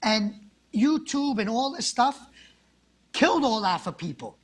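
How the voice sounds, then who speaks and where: A man's voice: very high voice, lively intonation, a little slow, breathy edge. A man, a guest actor chatting casually and rambling through stories, acting out the people in them. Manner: rambling storyteller, acts out quoted people. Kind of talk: casual interview chat.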